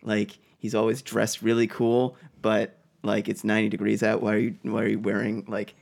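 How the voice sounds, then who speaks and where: A man from Boston co-hosts a casual podcast chat. His voice is gravelly, and he tells his stories haltingly, full of "like" and "um". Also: fairly low pitch, little pitch movement, darkish tone. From Boston, USA. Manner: rambling, hesitant, full of "like" and "um". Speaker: podcast co-host. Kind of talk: casual chat, rambling storytelling.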